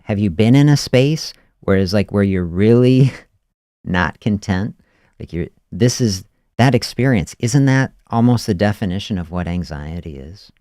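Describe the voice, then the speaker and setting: A man with a very low voice talks through his thoughts as a podcast host, unhurried and reflective. He leans on little prompts like "you know" and "see" as he goes. The sound is dry, with no room echo. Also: lively intonation, dark tone. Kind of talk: reflective spoken monologue.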